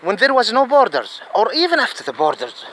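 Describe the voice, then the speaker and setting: A man with a fairly high voice talks earnestly outdoors. He rambles, doubles back and repeats his phrases. Wind buffets the microphone loudly. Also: huge pitch swings, brisk, poor audio. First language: Arabic. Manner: earnest, digressive, repeats himself. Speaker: vlogger. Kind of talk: casual outdoor monologue. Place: outdoors in a city. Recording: wind noise on the mic.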